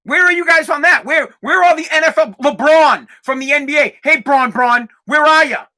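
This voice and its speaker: Young guy podcast host going off, heated and sweary, voice pretty bright and sharp. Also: very high voice, moderate pace. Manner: heated, profane, repeats words when worked up. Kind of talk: casual ranting monologue.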